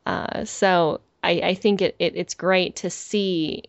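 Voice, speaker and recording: A woman's voice: lowish voice, fairly even intonation, slow pace, vocal fry, dry recording. A woman co-hosting a podcast in casual chat, talking thoughtfully with frequent ums and easy laughs. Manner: thoughtful, hesitant with many fillers, laughs easily. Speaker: podcast co-host. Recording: dry, slightly lo-fi audio.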